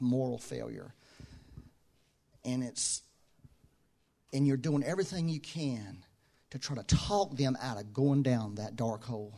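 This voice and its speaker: A pastor preaches conversationally, dropping his voice low and soft when reflecting, then going loud and high to stress a point. He repeats key phrases to drive them in. His delivery is a little slow and creaky, with frequent pauses.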